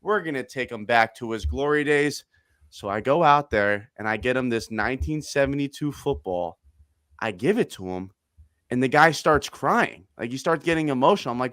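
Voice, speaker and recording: A man in his thirties talks sports in a loose, casual way, turning excitable in quick animated bursts. His voice sits in a middle pitch. The sound is dry and close, with no room in it. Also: no room sound. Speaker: podcast host.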